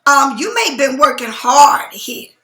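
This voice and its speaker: Woman tarot reader, casual reading, high bright voice, blunt and profane, a bit sleepy, echoey room. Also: sing-song, unhurried. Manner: blunt, emphatic, swears freely. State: sleepy, yawning.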